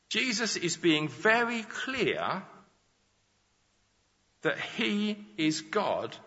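A man's voice: mid-range voice, sharp tone. A man preaching a sermon, explaining Scripture with examples and rhetorical questions. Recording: dull sound with long reverb in a large hall.

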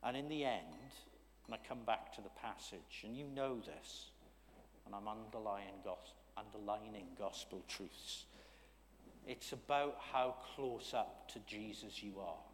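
A man preaching a sermon in a church, talking conversationally, checking in with the congregation and swinging from loud emphasis to hushed asides. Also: on the low side, unhurried, big-room sound, slight background noise.

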